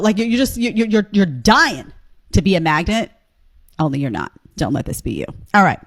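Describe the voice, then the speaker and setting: A woman's voice: mid-range voice, animated, normal speed, no room sound. A woman hosting a reaction video, giving blunt, sarcastic commentary on clips she plays.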